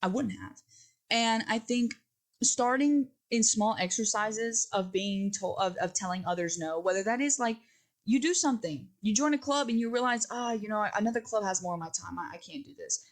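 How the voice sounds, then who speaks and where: A woman's voice: medium pitch, normal speed. A woman hosting a solo podcast, talking in a rambling, earnest and self-reflective way, acting out little quoted exchanges as she goes. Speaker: podcast host.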